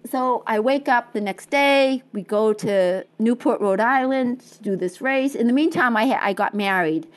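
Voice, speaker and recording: A woman's voice: a little high, moderate pace. A woman from Quincy, Massachusetts, telling a story as an interview guest, acting out dialogue and laughing often. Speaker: interview guest, marathon runner. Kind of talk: animated storytelling.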